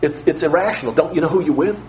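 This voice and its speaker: A man's voice: on the high side, fast, a little mellow, slight background noise, rough recording. A man preaching an expository sermon, emphatic and repetitive, firing off rhetorical questions.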